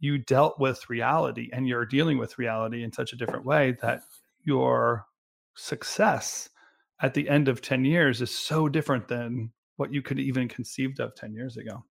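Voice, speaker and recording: A man co-hosts a casual business podcast with a gravelly, fry-tinged voice at an ordinary pitch. He thinks aloud as he goes, breaking off and restarting his sentences often. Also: fairly even intonation, normal speed. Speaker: podcast co-host.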